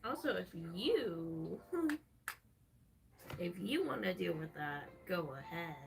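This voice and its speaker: A woman's voice: lowish voice, sing-song, slow pace, gravelly, far from the mic, music in the background. A young woman streamer ranting profanely and mockingly at her chat, casual and scornful. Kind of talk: casual livestream rant.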